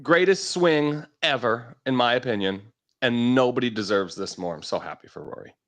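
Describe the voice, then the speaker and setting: A man on a talk show telling an expressive, personal story in casual chat. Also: mid-range voice, normal speed. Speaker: show regular.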